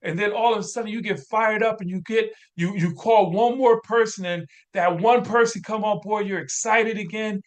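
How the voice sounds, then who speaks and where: A man giving a motivational business training talk as a coach, energetic and preachy, talking to his team while drawing on a screen. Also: sits high, moderate pace, hardly any pauses.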